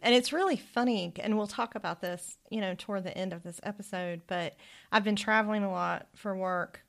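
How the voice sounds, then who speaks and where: A woman's voice: medium pitch, a little fast, creaky. Chatty woman podcast co-host. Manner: chatty, laughs often, reflective. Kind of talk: casual chat.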